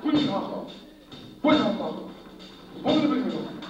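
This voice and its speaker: A man putting on a shrill foreign room-service clerk who keeps mishearing orders and parroting them back. The voice sits very high and comes from far off in an echoey room with music underneath, sounding muffled. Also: sing-song, fairly quick. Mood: confused. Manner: mishears, repeats words, garbled foreign-sounding babble.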